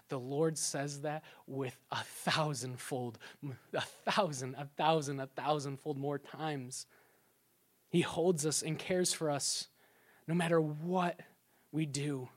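A young adult man preaching a sermon, telling animated stories and dropping to a soft hush when he quotes someone. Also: a little high, unhurried. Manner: animated storytelling, drops to soft hushed tones for quotes. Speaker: pastor.

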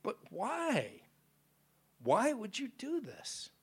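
A preacher voicing Satan as a cringing, indignant fallen angel who stammers and pleads in a dramatic sermon story. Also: male voice, huge pitch swings, drawn-out words, breathy edge, full character voice. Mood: hushed disbelief. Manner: pleading, stammering, shrill protest.

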